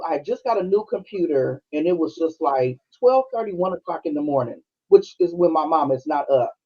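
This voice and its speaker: A middle-aged woman from Kansas City speaks with a husky, breathy edge. She tells a personal story in a loose, heartfelt way to her co-hosts. The live-stream audio sounds dull and lo-fi. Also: sits low, darkish tone. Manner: conversational, heartfelt, full of "you know" and "like". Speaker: podcast co-host.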